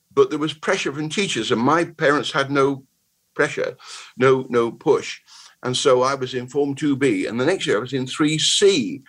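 A man in his eighties with a Bristol accent, telling stories as an interview guest in a rambling, animated way. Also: mid-range voice, low-quality recording. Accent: Bristol English. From Bristol, England. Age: 80s. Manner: rambling, animated, restarts words often. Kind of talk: casual conversational storytelling.

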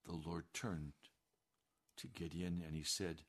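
A man preaching a sermon with passion, dropping to hushed warnings and rising to loud declarations. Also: low voice, little pitch movement, slow, long pauses. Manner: impassioned, swings between hushed warnings and raised declarations.

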